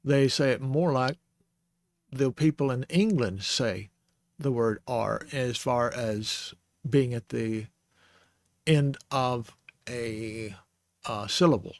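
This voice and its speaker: Guy teaching hebrew letters real slow, mid voice, dry close mic, kinda fixes himself as he goes. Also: medium pitch, dry recording. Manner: slow and patient, spells out sounds, small self-corrections. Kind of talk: informal teaching. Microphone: close microphone.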